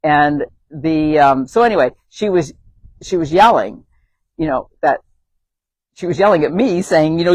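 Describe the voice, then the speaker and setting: A man's voice: on the high side, lively intonation, unhurried. A man with a slightly raised voice tells a long story on an outdoor tour of a hilltop, full of ums and little laughs. His rambling, casual delivery sounds close and dry, with no echo around it. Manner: rambling with many fillers and chuckles. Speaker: animal sanctuary founder.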